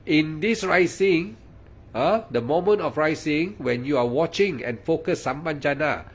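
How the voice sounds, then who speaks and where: A man's voice: fairly high pitch, lively intonation, normal speed, breathy edge. A man, giving a guided meditation talk in a repetitive, coaxing way with frequent "ah" and "lah" fillers. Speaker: meditation teacher.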